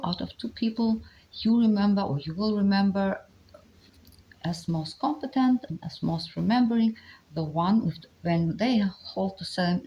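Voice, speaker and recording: A woman with a German accent explaining ideas step by step, with many pauses and fillers. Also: mid-range voice, darkish tone, dull audio. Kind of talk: explanatory talk on communication.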